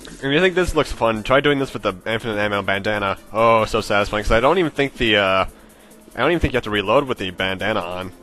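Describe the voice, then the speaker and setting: A man's voice: lowish voice, animated, fast, sharp tone, soft background music. A young man giving casual, rambling commentary over his video game playthrough, joking around and swearing now and then. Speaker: let's play gamer.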